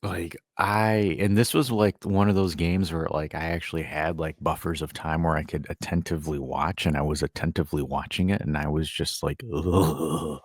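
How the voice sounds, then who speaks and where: A man hosting a casual sports podcast, animated and sarcastic, rambling with lots of "like". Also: a bass voice, brisk, few pauses, no room sound, studio quality. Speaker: podcast host.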